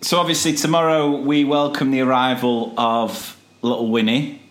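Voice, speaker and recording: A man's voice: medium pitch, flat delivery, normal speed. A man co-hosting a podcast, bantering casually and teasing his co-host with wry remarks. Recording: echoey room.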